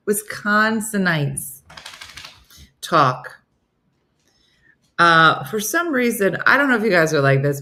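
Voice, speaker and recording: Middle-aged lady host, kinda low voice, just chatting and telling stories. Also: bright, forceful tone. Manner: chatty storytelling, reads viewer comments aloud. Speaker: host of a comedy morning show. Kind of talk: casual chat.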